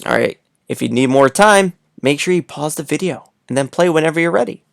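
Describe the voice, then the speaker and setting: A man's voice: a little high, lively intonation, a little fast, gravelly, no room sound, studio quality. A man teaching a read-aloud lesson to young children, playful and coaxing, speaking straight to the listener.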